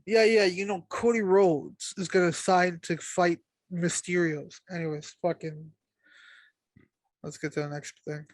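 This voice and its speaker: A young man co-hosting a podcast, laid-back and quiet, mostly laughing along in casual chat. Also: sits high, fairly even intonation, a little slow, dry recording. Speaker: podcast co-host.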